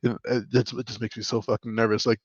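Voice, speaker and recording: A man's voice: mid-range voice, level tone, quick pace, dry recording, dull audio. A young man in casual podcast chat, rambling through a story with many fillers. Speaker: podcast co-host.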